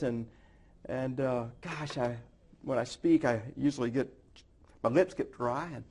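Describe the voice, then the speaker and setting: A middle-aged man with a gravelly, fry-edged voice shares a heartfelt personal story as a guest in a TV studio interview. His pitch sits in an ordinary middle range, and his telling is earnest and halting, full of small restarts. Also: darkish tone. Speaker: guest, author and speaker. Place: television studio.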